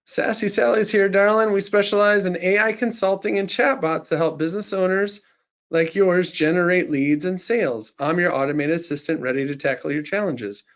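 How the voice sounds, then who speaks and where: A syrupy Southern belle chatbot assistant, as a man puts her on, pitched up high and sweet-talking with every pet name in the book. Her voice comes through slightly muffled, like a screen recording. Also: normal speed. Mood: sugary sales pitch. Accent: put-on Southern US belle. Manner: sweet-talking, calls the user darling and sugar.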